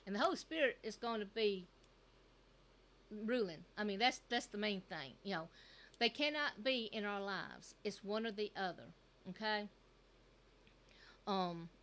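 A woman's voice: medium pitch, fairly bright tone. A middle-aged woman giving an earnest, conversational sermon at a youth service, repeating herself and using plenty of fillers.

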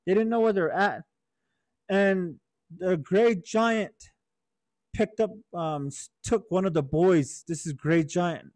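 A man telling a traditional story to young people, in a gentle teacherly way, often checking in with "right?" and "okay?". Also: high-pitched, slow pace, no echo, studio quality. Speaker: storyteller for youth.

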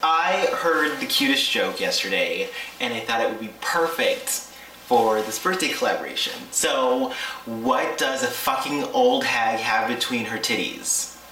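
Very deep, unhurried woman, bright tone, crude joker, roomy distant mic. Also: soft background music. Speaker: vlogger sending a birthday message. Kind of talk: crude joking birthday message. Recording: echoey room, far from mic.

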